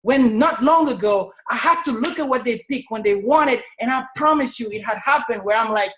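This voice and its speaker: A woman in her thirties from Senegal giving an energetic, emphatic motivational testimony on a video call, often raising her voice to tell her story. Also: fairly high pitch, normal speed, few pauses, low-quality recording. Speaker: network marketing leader.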